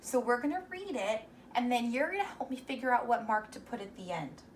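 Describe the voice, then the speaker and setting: A young woman teacher leads a reading lesson for little kids, sounding out words slowly and patiently. Her voice sits a touch high and picks up a little faint room noise, and she sits a bit back from the mic. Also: very animated, far from the mic.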